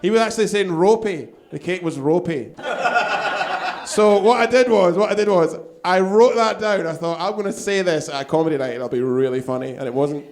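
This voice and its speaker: A man hosting a live stand-up night, chatty and loud, laughing along with his own jokes. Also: high voice, a little fast. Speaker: host. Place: live comedy bar crowd.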